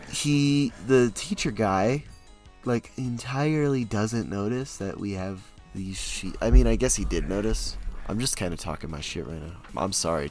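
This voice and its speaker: Rambling young man chatting to stream. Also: medium pitch. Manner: rambling and animated, with sudden loud bursts. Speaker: streamer and hobby actor. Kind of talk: casual chat to a live stream.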